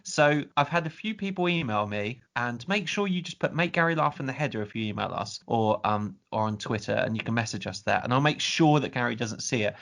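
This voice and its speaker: A man's voice: mid-range voice, expressive, brisk, creaky, hardly any pauses, fairly bright tone. A man co-hosting a casual podcast, reading listener emails aloud and laughing often. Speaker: podcast co-host. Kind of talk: casual chat.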